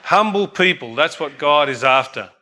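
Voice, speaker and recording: A man's voice: a little high, expressive, moderate pace, sharp tone. An older man preaching a sermon earnestly, often asking the congregation "amen?".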